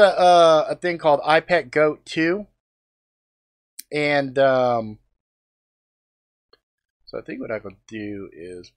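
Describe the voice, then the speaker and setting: Male streamer, mid pitch, loose and rambling, swears freely, bursts out loud over sour snacks. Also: unhurried, pauses often. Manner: rambling, profane, lots of fillers; loud exclamations while tasting snacks. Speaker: live streamer. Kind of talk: casual live-stream chat.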